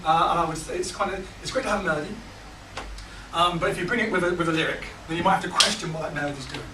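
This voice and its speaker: A man teaching a small group, relaxed and halting, full of ums and restarts. His voice sits high and is caught from a distance. A roomy echo and steady background noise hang around him. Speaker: songwriting workshop leader. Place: large hall with a small group. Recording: echoey room, picked up from afar, noisy.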